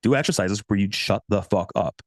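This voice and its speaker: Guy in his 30s coaching, swears a lot, slightly low voice, fast and swingy. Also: no echo. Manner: blunt, profane, animated, swings pitch for quoted voices. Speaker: dating coach. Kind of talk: casual coaching monologue.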